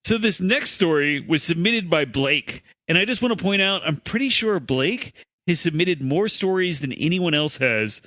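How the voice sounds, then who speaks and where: A man's voice: fairly high pitch, lively intonation, moderate pace, bright, forceful tone, dry recording. A man co-hosting a comedy podcast, reading out odd news stories with dry asides. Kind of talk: casual comedy chat.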